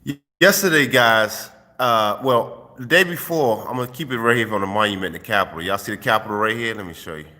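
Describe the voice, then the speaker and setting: A man's voice: on the low side, brisk, few pauses, bright, forceful tone, in a large hall. A man, host of his own channel, giving streetwise dating advice in a casual, profane vlog monologue into a phone. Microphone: phone held while filming.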